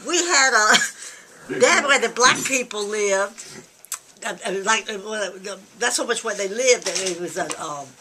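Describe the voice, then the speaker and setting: A woman's voice: mid-range voice, expressive, a little slow, pushed and bright, slight background noise. An older woman, a grandmother, telling rambling family stories in a home kitchen, recorded on a home video camera, with hesitant restarts and chuckles. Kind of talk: family storytelling over breakfast.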